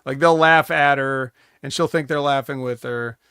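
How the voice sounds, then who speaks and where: A man co-hosting a wrestling podcast, measured and dryly skeptical, reasoning his way through points. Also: mid-range voice, fairly even intonation, sharp tone, clear, resonant tone, dry recording, studio quality. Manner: measured and dryly skeptical, talks himself around. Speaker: podcast co-host. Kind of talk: casual wrestling chat.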